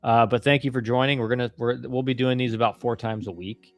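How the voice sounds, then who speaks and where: A man's voice: medium pitch, fairly even intonation, fairly quick, dry recording, studio quality. A man hosting a casual live stream and answering viewer questions. He talks in a laid-back, rambling way with slang and many restarts. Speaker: live-stream host, former college ballplayer.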